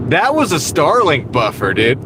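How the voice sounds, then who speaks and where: A man's voice: fairly high pitch, wildly swooping pitch, moderate pace. A man chatting casually and laughing as he drives for delivery orders on a live stream, on a clip mic in a moving car. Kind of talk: live driving stream chat. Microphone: wireless clip mic. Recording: car road noise.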